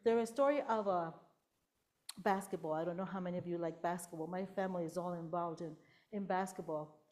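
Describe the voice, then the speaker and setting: A woman's voice: lowish voice, steady tone, brisk. A middle-aged woman giving a sermon to a congregation, telling a Bible story and acting out the quotes, sometimes dropping to a whisper. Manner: storytelling with acted-out quotes, whispering to show how softly God speaks. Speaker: preacher.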